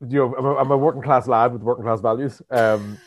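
A man's voice: medium pitch, fairly even intonation, fast. A young man with a Northern Irish accent, a stand-up comedian guest chatting casually on a podcast, mildly hungover, cracking crude self-mocking jokes and laughing often. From Northern Ireland. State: mild hangover.

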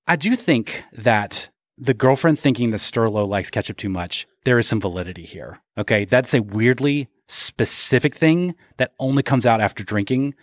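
A man's voice: medium pitch, lively intonation, moderate pace, hardly any pauses, no room sound, studio quality. A man co-hosting a podcast, bantering and joking in casual chat. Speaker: podcast co-host.

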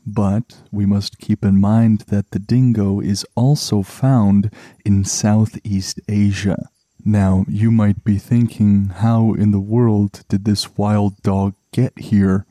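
A man narrates a relaxation podcast in a low, unhurried voice. His tone is deeply mellow and soft-edged, and his delivery is slow and soothing. The recording is dry and close, with no room sound. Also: dry recording. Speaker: podcast host.

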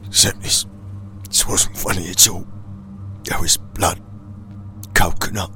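Deep-voiced deadpan British storyteller man. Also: measured pace, pauses often, faint music behind. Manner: deadpan, escalating absurd tall tale, teasing a sidekick. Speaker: comedian. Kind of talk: comic storytelling monologue.

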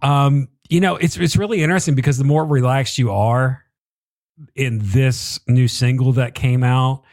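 A man's voice: mid-range voice, normal speed, darkish tone, no room sound. A man hosting a livestream interview, chatty and self-deprecating as he reads out viewer comments. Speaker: livestream host.

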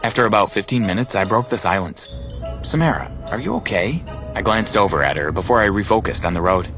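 A man with a low voice narrates a first-person story in a measured, dramatic way. Clear music runs steadily behind him.

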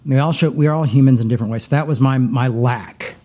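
A man's voice: mid-range voice, quick pace, darkish tone. A middle-aged man, a pastor, talking casually in a rambling way, with many restarts and repeated words. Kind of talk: casual conversation.

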